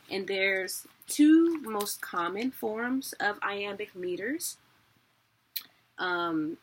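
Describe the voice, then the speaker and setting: Woman teacher, casual self-correcting delivery, unhurried, bright timbre. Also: on the low side. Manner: chatty, self-correcting, laughs at own mistakes. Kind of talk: casual video lesson.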